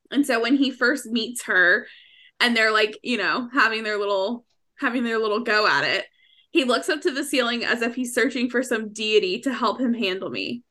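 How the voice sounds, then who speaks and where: A woman's voice: fairly high pitch, sharp tone. A young woman co-hosting a podcast, chatting frankly about a romance novel, gushing and laughing often. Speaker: podcast co-host. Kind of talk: casual book-club chat.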